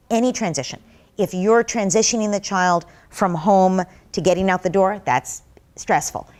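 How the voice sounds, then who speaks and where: A woman speaks as a guest expert in an interview, earnest and explanatory. She lays out her advice step by step, slipping into short acted-out exchanges with a child. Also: mid-range voice. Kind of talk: interview answer.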